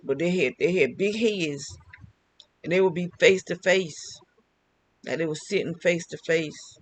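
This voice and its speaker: A man's voice: on the high side, a little slow, no echo, low-quality recording. Older man rambling in a monologue. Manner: rambling, repeats phrases, restarts. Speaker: vlogger. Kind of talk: casual monologue.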